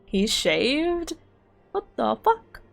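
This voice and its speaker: A young woman streaming a game, chatting casually, thinking out loud and laughing often while switching between voices. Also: sits high, big pitch swings, drawn-out words, vocal fry. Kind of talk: casual gaming commentary, reading dialogue aloud.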